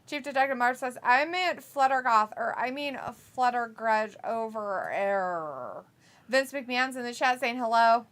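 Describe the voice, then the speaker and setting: A woman hosting a live watch-along stream, reading viewer chat messages aloud with quick laughs in casual talk. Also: fairly high pitch, animated, fairly bright tone.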